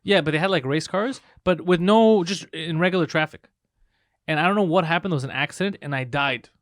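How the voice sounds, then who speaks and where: A man co-hosting a comedy podcast, teasing and swearing in rapid casual banter. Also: fairly high pitch, fairly bright tone, no echo, clean studio sound. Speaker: podcast co-host.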